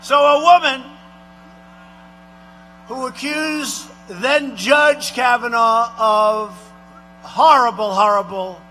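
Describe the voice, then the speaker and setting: An impressionist does a boastful, rambling male president with a high voice addressing a rally crowd, heavily acted over soft background music. He takes it slowly with long pauses, repeating himself and bragging, then abruptly shouting certain lines.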